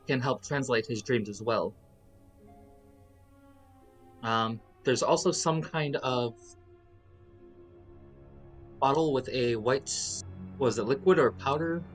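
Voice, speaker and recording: Man player, medium voice, kinda hesitant, fixes himself mid-sentence, soft music behind. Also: mid-range voice, a little slow, long pauses. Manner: describes actions hesitantly, clears throat. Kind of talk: tabletop role-play chat.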